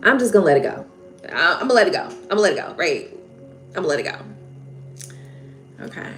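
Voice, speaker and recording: A woman's voice: on the low side, sing-song, fast talker, a bit bright, soft background music. A woman hosting a live tarot stream, venting heatedly in casual talk, swearing and repeating herself.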